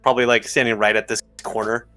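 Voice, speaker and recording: A man playing a tabletop game who explains his character's plans calmly. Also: medium pitch, fast talker. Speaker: player. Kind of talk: casual tabletop role-play.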